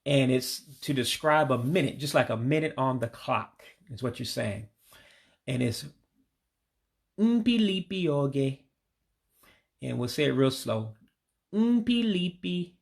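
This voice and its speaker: A man giving a casual language lesson, patiently repeating each word slowly and dropping his voice on the English meaning. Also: medium pitch, animated, gravelly. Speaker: language learner teaching vocabulary.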